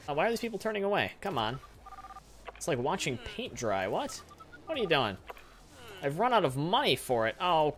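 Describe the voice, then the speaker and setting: A man's voice: mid-range voice, a bit bright. A man hosting a let's play, talking through building a theme park with lots of fillers and self-corrections. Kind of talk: game commentary.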